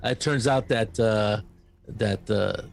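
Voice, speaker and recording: A man with a gravelly voice narrates a tabletop role-playing game as game master. He talks haltingly, with frequent fillers and restarts. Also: on the low side.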